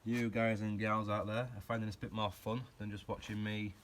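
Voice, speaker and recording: A man's voice: lowish voice, little pitch movement, fairly quick, a little hiss or hum. A man chatting casually while he works on a car in his garage, rambling and poking fun at himself. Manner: chatty, self-mocking, rambling asides while working. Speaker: hobby car restorer and channel host. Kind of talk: casual workshop vlog chat.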